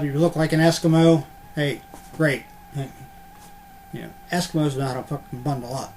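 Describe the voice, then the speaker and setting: A casual man talks to his webcam in a loose, meandering way, full of fillers and the occasional swear. His voice sits a little high for a man. A faint hum of room noise runs beneath the recording. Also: darkish tone. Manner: rambling, filler-heavy, mildly profane. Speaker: unboxing vlogger. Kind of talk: casual rambling unboxing chat. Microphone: computer webcam.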